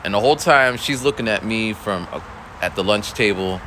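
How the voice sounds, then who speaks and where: A man's voice: fairly low pitch, normal speed, background noise. A young male schoolteacher telling a story in a laid-back, rambling way, full of fillers. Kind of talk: casual storytelling vlog.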